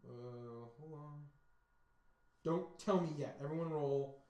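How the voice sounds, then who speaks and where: A man narrating as game master, animated, breaking into loud sound effects and voices. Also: a little high, slow pace, dull audio. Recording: roomy mic with background music. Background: faint music.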